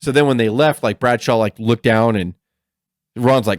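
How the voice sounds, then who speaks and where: A man's voice: lowish voice, brisk, no room sound. Podcast guy retelling stories, does all the voices, dry sound. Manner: animated storyteller who acts out quoted people. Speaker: podcast co-host. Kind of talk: casual chat.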